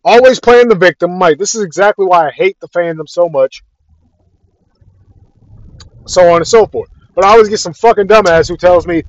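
A man's voice: high-pitched, normal speed, long pauses, dry recording. A young man delivering an exasperated, profanity-heavy casual rant about a fandom, repeating himself as he goes. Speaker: podcast ranter. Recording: dry, dull lo-fi audio.

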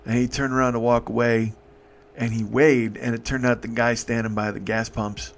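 A man hosting a podcast, telling a personal story in an emotional, profane way, halting and restarting. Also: mid-range voice, little pitch movement, a little hiss or hum. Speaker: podcast host.

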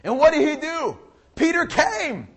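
A man's voice: very high-pitched, big pitch swings, measured pace, a bit bright. A young man preaching an impassioned, emphatic sermon at a church service, often repeating his phrases. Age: young adult.

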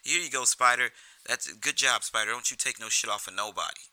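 A man's voice: medium pitch, fairly quick, pushed and bright, voice pushed up, rough recording. A man voicing a mocking male gangster who eggs on a fight with crude, taunting talk.

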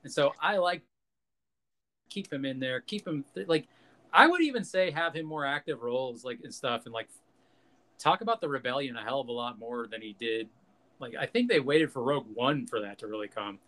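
A man's voice: mid-range voice, lively intonation, brisk, sharp tone. A man hosting a podcast, ranting in casual, profane, jokey chat and acting out quotes. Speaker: podcast host.

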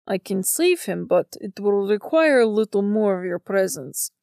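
A calm otherworldly male spirit speaks coolly and plainly, put on by a woman reading a storybook. The voice carries a gravelly rasp. It sits close and dry, with no room around it. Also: medium pitch, moderate pace, no room sound.

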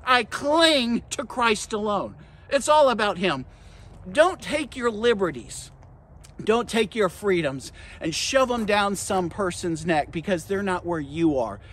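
A man's voice: animated, unhurried. Impassioned male preacher. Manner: impassioned, addresses listeners directly as friends and guys; swings between quiet, low stretches and loud, emphatic bursts. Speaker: pastor and podcast host. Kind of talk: devotional podcast sermon.

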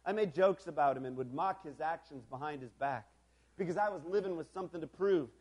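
A man preaching a sermon in a storytelling style, moving from quiet reflection to loud, emphatic calls. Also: on the high side, a little fast, husky.

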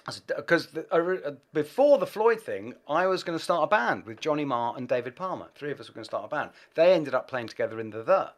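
Animated man swearing through a story. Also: fairly high pitch, fairly quick, few pauses. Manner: swearing, self-deprecating, animated. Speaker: guest musician. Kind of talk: anecdotal storytelling.

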